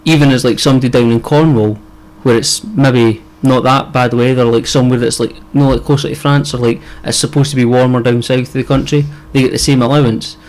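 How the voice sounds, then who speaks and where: A man's voice: medium pitch, steady tone, a little fast, hardly any pauses, a little mellow, poor audio. A young man with a Scottish accent, co-hosting a podcast in casual chat, rambling with lots of fillers and casual swearing. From Scotland. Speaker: podcast co-host.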